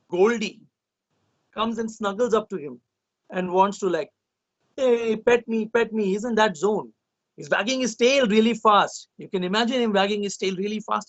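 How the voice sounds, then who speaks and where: A man telling a children's story in an animated, sensory way that speaks straight to the listeners. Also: high-pitched. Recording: dull lo-fi recording.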